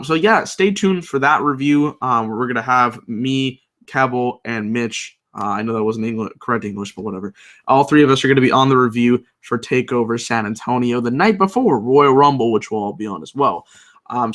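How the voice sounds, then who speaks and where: A man's voice: mid-range voice, fairly bright tone. A young man recapping a wrestling show in a casual, rambling video review, full of fillers and restarts. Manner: rambling, filler-heavy, enthusiastic.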